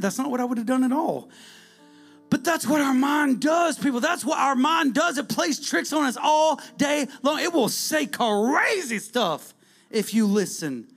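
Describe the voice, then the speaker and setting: A preacher with a high, gravelly voice. He delivers the sermon with lively swings between loud calls and hushed near-whispers. Soft music plays faintly behind him.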